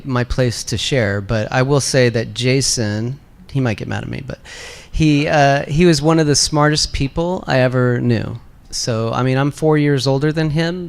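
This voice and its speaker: A man with a gravelly, creaky voice at middle pitch, answering fan questions on a convention panel. He talks in a relaxed, candid way with plenty of ums and uhs. Now and then his words slip into a soft laugh.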